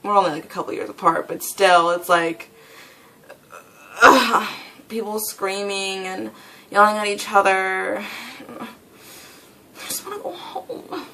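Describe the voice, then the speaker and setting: Teen girl vlogger, bright tense tone, rambling, fed-up, laughs a lot. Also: medium pitch, fairly even intonation, a little slow, pauses often. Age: teens. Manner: rambling, exasperated, laughs often. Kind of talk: casual vlog rant.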